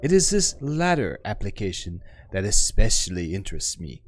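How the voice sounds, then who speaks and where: Stately game scholar woman, voiced by a man, measured and formal, with a lively rising-falling melody. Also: lowish voice, a little hiss or hum, pitched below the performer's own voice. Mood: measured, gracious. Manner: measured, formal, precise diction. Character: elegant formal woman scholar, serene hive mind.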